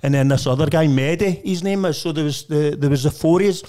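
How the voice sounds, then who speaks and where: A man's voice: on the high side, fast talker, warm tone. A middle-aged man with a Scottish accent, a podcast guest swearing and chuckling his way through stories in casual chat.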